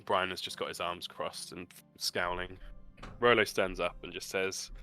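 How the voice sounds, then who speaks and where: A man narrating as game master, lively and laughing, voicing the characters himself. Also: low-pitched, unhurried, faint music behind.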